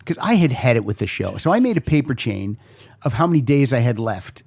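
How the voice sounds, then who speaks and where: A man's voice: mid-range voice, brisk, creaky, breathy edge, no echo. A man hosting a podcast, telling anecdotes in a casual chat and acting out the voices of the people in them. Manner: animated storyteller acting out the voices in his anecdotes. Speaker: podcast host.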